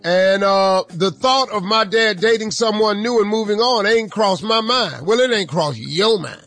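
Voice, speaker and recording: A man's voice: sits high, lively intonation, measured pace, a bit bright, no echo, faint music behind. A man hosting a radio advice segment, reading a letter aloud with playful, drawling comic asides.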